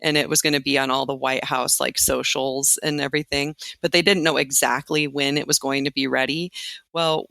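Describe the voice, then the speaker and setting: A woman from Nebraska, a teacher and interview guest, tells her story with lively energy. She acts out quotes with big leaps up in pitch. Her voice is bright and a little gravelly, and the sound is dry and close. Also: fairly quick, no echo.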